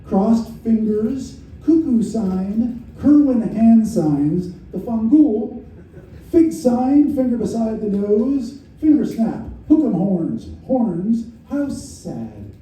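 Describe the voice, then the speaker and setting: A middle-aged man with a New York accent reads his poetry aloud at a live variety show, in a wry, deadpan way with many repetitions. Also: sits high, slow. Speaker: poet reading his work. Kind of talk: spoken-word poetry reading. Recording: very echoey room from far off, faint noise.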